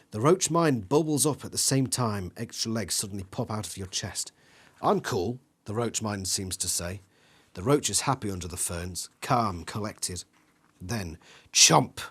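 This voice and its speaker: A man's voice: mid-range voice, husky. Man reading an adventure book aloud. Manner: acts out sound effects and screams, some slips; breaks off to think aloud about choices. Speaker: channel host reading a gamebook aloud. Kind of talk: dramatic read-aloud of an interactive book.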